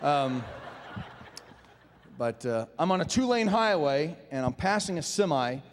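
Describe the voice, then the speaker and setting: Male stand-up comic from Nebraska, animated storyteller, live stage sound with faint room noise. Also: a little high, unhurried. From Nebraska, USA. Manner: animated storytelling with acted-out voices. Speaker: stand-up comedian. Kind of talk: stand-up comedy set. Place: large performing arts theater. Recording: live stage in an echoey hall.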